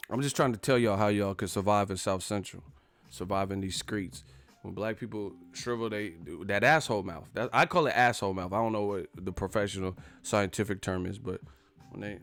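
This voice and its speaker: A man hosting a live stream, profane and animated, acting out the people he talks about. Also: on the low side, moderate pace. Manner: profane, animated, acts out quotes. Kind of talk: casual live-stream commentary.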